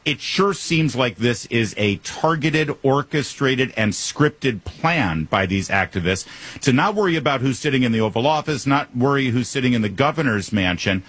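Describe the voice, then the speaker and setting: A man's voice: mid-range voice, expressive, normal speed, a bit bright, breathy edge. A man hosting a talk radio show, interviewing a guest with emphatic opinions and frequent restarts.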